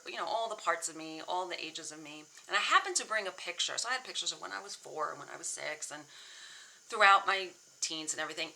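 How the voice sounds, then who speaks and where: A middle-aged woman therapist with a lowish, bright, forceful voice shares a personal story in a reflective talk, recorded with poor audio. She speaks candidly and earnestly, restarting often, and at times grows emotional, near tears.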